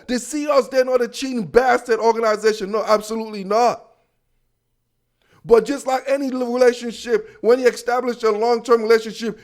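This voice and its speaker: A young man with a notably high voice hosts a football podcast. He riffs in a loose, playful, slangy manner and talks straight to his listeners. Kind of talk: casual sports commentary.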